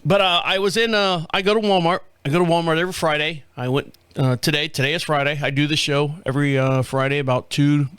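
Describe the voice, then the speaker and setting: A middle-aged man hosts his own show with a fairly high voice for a man. He rambles through a story in a loose, profane way and laughs at his own blunders. The sound is dry and close, with no room behind him. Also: fast talker, few pauses, clear, resonant tone, no echo. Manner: animated, profane, laughs at himself. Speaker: podcast host. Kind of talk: casual storytelling monologue. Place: home studio.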